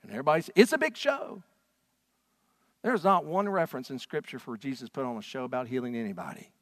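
A man preaching a sermon as a pastor, swinging from loud, fervent passages to hushed ones. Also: medium pitch, animated, quick pace, no room sound.

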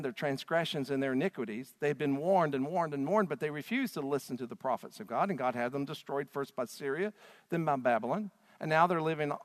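A male pastor preaching with dramatic storytelling, his voice swinging from near shouts down to hushed lines. His voice sits a little high for a man. The sound carries a long reverb from a large hall. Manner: dramatic storytelling, acts out quotes with big swings in loudness. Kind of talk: sermon.

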